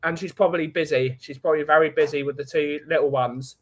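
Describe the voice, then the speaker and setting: High-voiced joking man. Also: fairly even intonation, fast talker. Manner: joking, reads out audience comments. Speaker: podcast host. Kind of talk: casual chat.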